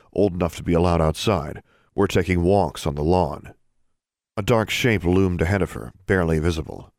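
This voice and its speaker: A man narrating a fantasy story as an audiobook, steady storytelling with expressive dialogue. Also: deep voice, no room sound, clean studio sound.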